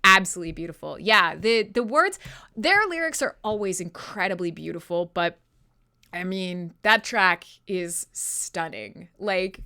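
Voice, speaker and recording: A woman hosting a live metal radio show, chatting casually with listeners in an animated, profane way, often laughing at herself. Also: fairly low pitch, measured pace, smooth.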